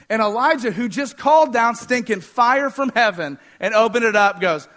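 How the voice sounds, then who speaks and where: A man preaching a sermon, fast-talking, energetic and joking with the congregation. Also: sits high. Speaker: pastor.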